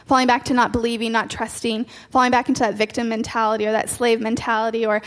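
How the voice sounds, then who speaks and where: A woman's voice: on the high side, flat delivery, fast talker. A woman preacher delivering an earnest sermon, repeating key phrases for emphasis. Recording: long hall reverb with faint music.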